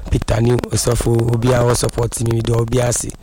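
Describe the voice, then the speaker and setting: A man's voice: mid-range voice, completely flat delivery, fast talker, noisy background. A Ghanaian boxer in a casual radio interview, rambling and apologetic as he mixes English and Twi. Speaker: boxer interviewed after a fight.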